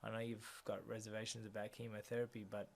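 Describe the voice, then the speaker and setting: A young man tells his story as a guest in a conversation, his voice rough and gravelly. He keeps it flat and even, speaking quietly and reflectively, often sinking softer. Faint ambience hums behind him. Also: lowish voice, fast talker, slight background noise. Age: young adult.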